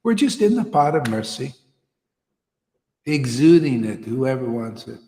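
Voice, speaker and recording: A man's voice: medium pitch, big pitch swings, a little slow, warm tone, a little hiss or hum. A man giving an informal devotional talk to a small group, earnest and slangy, peppering his words with "you know" and "man". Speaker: spiritual teacher. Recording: roomy hall echo.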